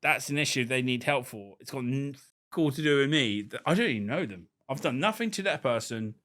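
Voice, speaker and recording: A podcast guest in a casual interview speaks in a mid-range voice at a slightly fast pace. He's boastful and crude, swears freely, and when telling stories he quotes other people in lively put-on voices.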